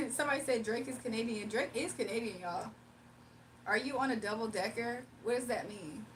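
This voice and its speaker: A young woman with a fairly high voice chats playfully on a livestream, laughing and talking straight to her viewers. She sits a little back from the mic, with faint room noise behind her. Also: normal speed, far from the mic. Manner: playful, laughing, talks to chat. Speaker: livestream host. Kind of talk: casual livestream chat.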